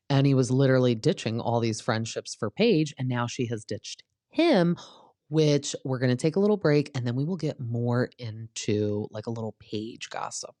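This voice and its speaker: A woman's voice: very deep voice, warm tone, no echo, clean studio sound. A woman hosting a casual gossip recap podcast, chatty and opinionated, with many fillers. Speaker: podcast host.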